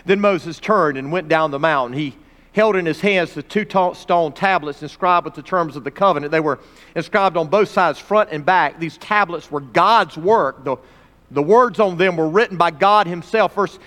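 Guy teaching a bible lesson, reads it out dramatic w/ pauses, big echoey hall. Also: on the high side, lively intonation, a bit bright. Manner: dramatic scripture reading with pauses and asides. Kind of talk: expository sermon reading scripture. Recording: long reverb of a large hall.

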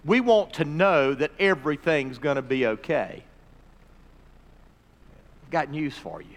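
A man's voice: on the high side, animated, measured pace. Man preaching in a reverberant hall. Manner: preaching with swelling emphasis, dropping to soft pleas. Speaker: pastor. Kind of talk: sermon.

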